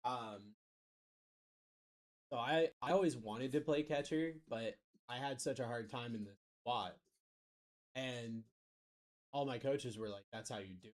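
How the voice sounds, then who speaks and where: A man's voice: medium pitch, measured pace, pauses often. A man hosting a live card break stream, calling out picks and chatting casually. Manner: calls out picks, hypes spots.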